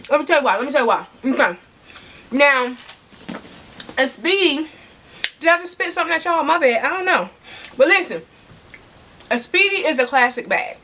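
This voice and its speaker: This woman chats to camera about handbags in a sassy way, speaking directly to viewers while eating, her mouth full at times. She has a high-pitched, bright voice with a forceful tone.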